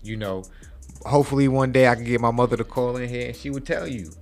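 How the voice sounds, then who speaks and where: A podcast host in his forties talks at a quick pace in a mid-range voice with fairly even intonation, soft music behind him. His casual chat turns into a preachy motivational talk, punctuated by frequent "okay?" check-ins.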